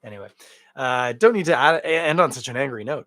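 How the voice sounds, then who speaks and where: A man hosts a casual solo podcast, rambling and joking with lively swings between loud bursts and muttered asides. His voice sits mid-range for a man. It is recorded close on a mic in a very dry room. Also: mid-range voice, brisk, no room sound. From Canada. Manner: rambling, jokey and animated, with big swings in loudness. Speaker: beer podcast host.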